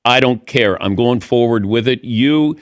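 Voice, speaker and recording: An older man hosts a radio talk show, trading in dry, teasing remarks and firm emphasis. His voice sits at an average pitch for a man, recorded with a close, dry sound that has no room echo. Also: unhurried. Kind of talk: casual radio interview.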